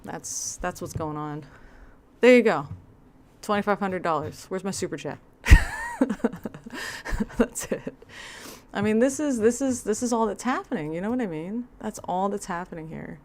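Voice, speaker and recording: A woman's voice: mid-range voice, normal speed, a little mellow. A woman hosting a livestream, giving sarcastic reaction commentary with laughing asides. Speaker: livestream host.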